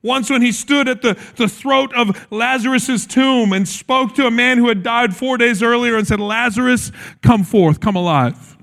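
High-voiced man preaching with feeling. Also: steady tone, normal speed, vocal fry, hardly any pauses, sharp tone. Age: adult, recalls his childhood. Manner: earnest, acts out quotes with shifts in voice. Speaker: pastor. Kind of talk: sermon.

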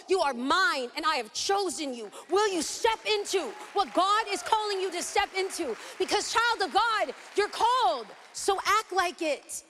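A high-pitched woman from East Los Angeles delivers a sermon with theatrical flair, acting out little scenes as she teaches. Her voice rings with a long reverb from a large hall. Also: unhurried, hardly any pauses. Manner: dramatic and animated, acts out scenes. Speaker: Bible teacher.

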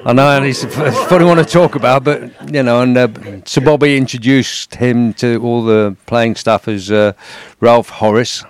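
A man's voice: medium pitch, fairly even intonation, normal speed, hardly any pauses. A man telling anecdotes as a chat show guest, hesitant, with many fillers.

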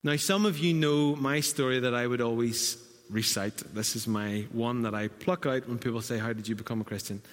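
Male preacher, mid-pitched, anecdotal and relaxed, long hall reverb. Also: normal speed. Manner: conversational storytelling, self-deprecating asides. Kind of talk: sermon.

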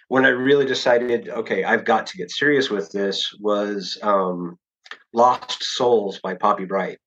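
A man's voice: on the low side, husky, dull audio. A man, an author guest on a podcast, talking casually and loosely with plenty of fillers and restarts. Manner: relaxed, rambling, many fillers and restarts.

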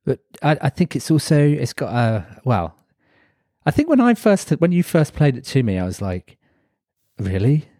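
A man's voice: fairly high pitch, big pitch swings, moderate pace, mellow, dry recording, clean studio sound. A man co-hosting a casual podcast chat, chatty and reflective, laughing often. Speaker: podcast co-host.

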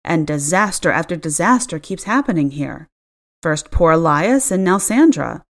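A woman's voice: low voice, expressive, normal speed. A woman voicing an anxious older female housekeeper who talks in a tight, clipped way. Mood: agitated.

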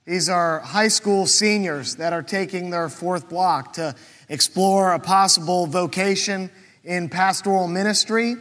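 High-voiced pastor in a reverberant church. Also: male voice, a bit bright. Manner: conversational, asks questions aloud. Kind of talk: sermon.

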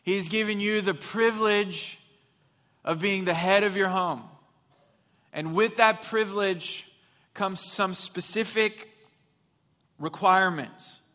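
A man's voice: high-pitched, takes it slowly, long pauses, sharp tone. A man preaching a sermon, telling a story with humor and then driving his points home with emphasis. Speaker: pastor. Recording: long hall reverb.

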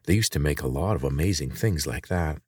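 A man voicing a sharp-tongued teenage girl inventor in a read-aloud story, blunt and sarcastic. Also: very deep voice, animated, brisk, breathy edge, dry recording, studio quality, full character voice. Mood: sarcastic, probing.

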